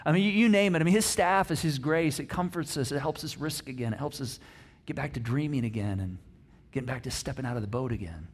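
A middle-aged man preaching a conversational sermon, animated and acting out the quotes he tells. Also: mid-range voice, quick pace, breathy edge. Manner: conversational, animated, acts out quotes, frequent restarts. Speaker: pastor.

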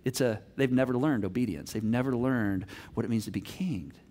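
A middle-aged man preaching a sermon, telling family stories with animated delivery and acting out voices. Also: mid-range voice, brisk, a little hiss or hum. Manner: animated storytelling, acts out voices of himself and his daughter. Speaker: pastor.

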